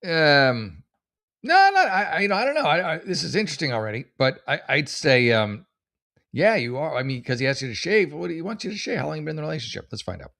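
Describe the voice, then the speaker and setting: A man's voice: on the high side, very animated, quick pace, creaky, fairly bright tone. A man in his forties hosting a comedy advice show, reading posts aloud and reacting with sarcastic, rambling, exasperated commentary. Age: 40s.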